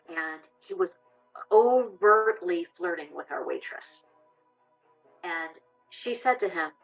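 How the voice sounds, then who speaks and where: Low-voiced woman recalling her past, soft music. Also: animated, slow pace, vocal fry, pauses often, highs cut off. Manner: earnest, hesitant, many fillers. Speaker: abuse survivor sharing her story. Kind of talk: documentary interview.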